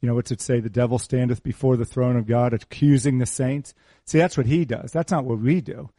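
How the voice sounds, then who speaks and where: A man's voice: medium pitch, fairly even intonation, brisk, mellow, no room sound, studio quality. A middle-aged man preaching a sermon in a conversational, teasing way, repeating his key phrases. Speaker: pastor.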